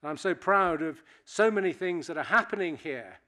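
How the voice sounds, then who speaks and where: A man's voice: fairly high pitch, expressive, normal speed, bright, forceful tone. A man in his sixties from Britain, giving a public speech to an audience and telling wry, anecdotal stories. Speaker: keynote speaker.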